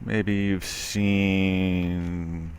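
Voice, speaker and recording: A man's voice: low-pitched, little pitch movement, extremely slow, darkish tone, clear, resonant tone. A man reading a news article aloud and commenting on it, skeptical and sarcastic, with loose talk full of fillers. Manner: loose, with frequent fillers and restarts. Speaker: commentary video host.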